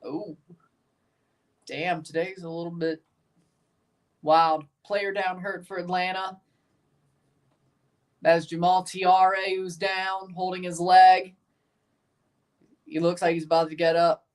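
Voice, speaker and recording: A man's voice: high voice, level tone, takes it slowly, pauses often, distant mic. A man with a Southern accent streaming live match reactions, chatting with viewers and exclaiming at plays. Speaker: watchalong streamer.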